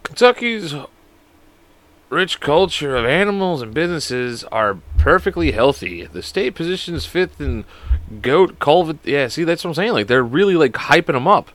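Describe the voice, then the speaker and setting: A man's voice: on the high side, sing-song, moderate pace, a bit bright. A young man in his twenties hosting a solo podcast, rambling and joking with constant swearing. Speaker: podcast host. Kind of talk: casual solo podcast chat.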